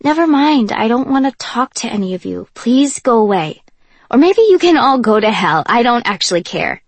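A woman's voice: on the high side, expressive, measured pace, husky, dry recording. Woman voicing an angry distrustful young woman. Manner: loud, raised and tense. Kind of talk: audiobook character voice.

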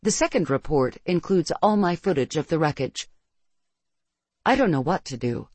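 A narrator reading a first-person science-fiction story in a steady, measured way. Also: mid-range voice, slightly rough, dry recording.

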